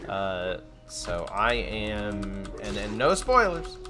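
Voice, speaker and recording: A man's voice: lowish voice, big pitch swings, takes it slowly, music in the background. A young man streaming, chatting casually and rambling with frequent fillers, restarts and laughs. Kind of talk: casual chat.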